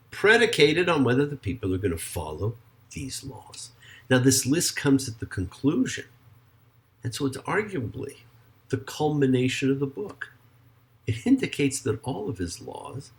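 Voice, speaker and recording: A man, a rabbi, giving a sermon with slow, drawn-out stress on key words and parts of prayer sung. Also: medium pitch. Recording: faint guitar music behind.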